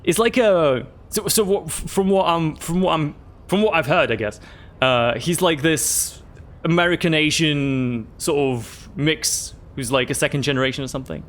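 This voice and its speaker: A man in casual let's-play chat, rambling and halting as he talks through a game. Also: a little high, a bit bright. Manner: rambling, halting, swears and laughs a lot. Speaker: gamer playing with friends.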